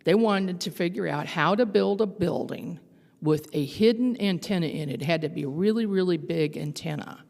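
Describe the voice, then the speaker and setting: A woman's voice: low-pitched, a little mellow. Older woman speaking in a reverberant hall. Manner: conversational, with fillers and restarts. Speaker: conference speaker. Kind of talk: storytelling talk. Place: large conference hall.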